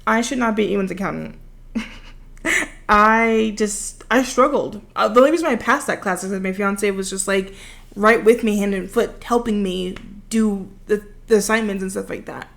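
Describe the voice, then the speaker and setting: A woman's voice: medium pitch, normal speed, creaky, a bit bright. A young woman in her twenties chatting through a long, rambling, self-deprecating story while building, close to the microphone. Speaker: vlogger. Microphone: close desk microphone.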